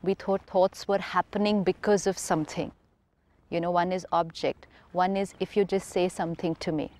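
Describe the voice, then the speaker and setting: A woman's voice: on the low side, steady tone, normal speed, a little mellow. A woman in a spiritual talk show conversation, explaining patiently and repeating key phrases for emphasis. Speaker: spiritual teacher.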